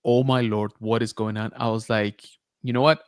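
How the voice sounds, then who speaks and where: A man hosting a podcast, telling a story in a casual, animated way with lots of filler words. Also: medium pitch, brisk, dry recording, studio quality. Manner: animated retelling, many filler likes and rights. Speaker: podcast host.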